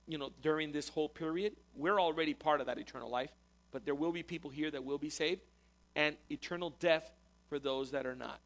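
A man's voice: fairly high pitch, fairly bright tone. A man teaching a conversational sermon as a pastor, repeating words as he explains. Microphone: recorded talk to a congregation.

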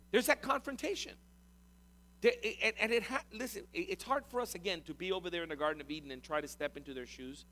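Male pastor, high lively voice, conversational sermon delivery. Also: quick pace. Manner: animated, repeats words, addresses congregation.

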